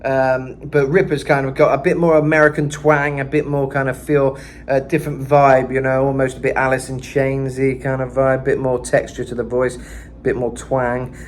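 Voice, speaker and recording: A man giving a casual vocal lesson, chatting about singers' tones and breaking into gritty high sung and screamed demonstrations. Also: little pitch movement, moderate pace, a little hiss or hum. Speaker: vocal coach.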